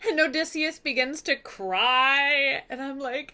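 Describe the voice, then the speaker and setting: A woman teacher talks through a story for her students in a casual, expressive way. Her voice is bright and forceful and sits a little high. She swings into playful drama as she explains. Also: slow, few pauses. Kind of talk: casual lesson recap.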